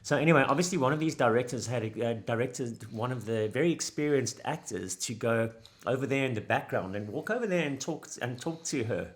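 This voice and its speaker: Male film editor, casual guest, animated storyteller, average pitch. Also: fairly quick. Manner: animated storyteller, acts out quotes, many fillers. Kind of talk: casual chat.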